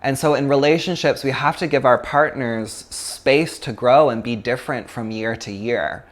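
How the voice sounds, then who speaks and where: A man's voice: medium pitch, normal speed. A man from Canada, a yoga teacher giving a chatty, casual philosophy talk, full of fillers and laughs.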